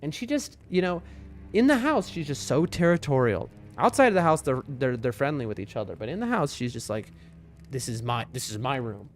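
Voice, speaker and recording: A man's voice: sing-song, brisk. Chatty man streaming a game. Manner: chatty and rambling, talks to his chat, soft high voice when talking to his cats. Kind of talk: casual live-stream chat. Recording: faint music behind the voice.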